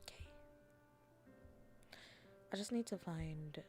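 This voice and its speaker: A woman streamer chatting casually with her viewers in a soft, half-whispered voice, slipping into playful mock-taunting teases. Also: deep voice, takes it slowly, soft background music. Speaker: streamer hosting a chat stream. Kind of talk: soft-spoken casual chat.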